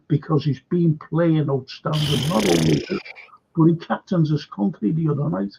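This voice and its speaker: An older man hosting a casual chat, talking haltingly with many fillers and restarts. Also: on the high side, vocal fry, background noise. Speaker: host. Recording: dull lo-fi sound.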